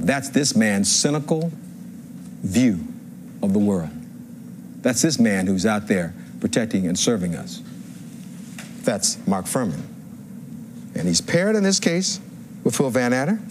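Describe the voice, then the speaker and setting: A man's voice: lowish voice, darkish tone, a little hiss or hum. Emphatic male lawyer delivering a closing argument. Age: 50s. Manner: emphatic, rhetorical, with repetition and rising crescendos. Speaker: defense attorney. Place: courtroom.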